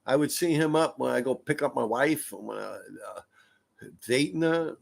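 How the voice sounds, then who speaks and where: Gravelly, animated New man. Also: medium pitch, normal speed. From New York City. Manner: profane, rambling, laughs a lot. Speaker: livestream host. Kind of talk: casual livestream storytelling. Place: room in a ground-floor apartment.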